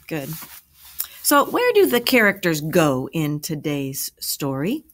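A woman teacher reading a story aloud, then asking and answering review questions in a clear, measured way. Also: deep voice, very animated, a bit bright.

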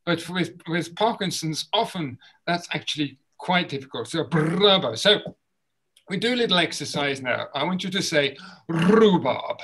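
A man leading a group voice exercise session over a video call, encouraging and demonstrating sounds with loud bursts. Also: a little high, lively intonation, normal speed, slightly rough, poor audio. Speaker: voice and movement workshop leader.

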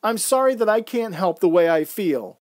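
Casting: man playing a high, loud, snappish troupe member in an audio drama. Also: lively intonation, normal speed. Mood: snapping. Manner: snappish, pleading. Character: upset apologetic troupe member.

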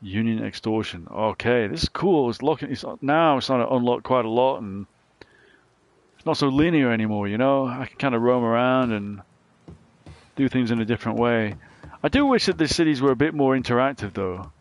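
A man giving casual let's play commentary, thinking out loud about the game as he plays. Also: medium pitch, expressive, a little fast, dry recording. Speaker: gaming channel host.

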